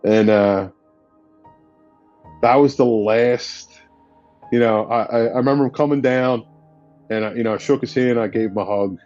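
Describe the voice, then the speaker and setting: A man's voice: mid-range voice, moderate pace, pauses often, darkish tone, dull audio, soft background music. A man, a firefighter guest, telling a story in a blunt, casual way with slang and swearing. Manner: blunt and profane, drops in slang.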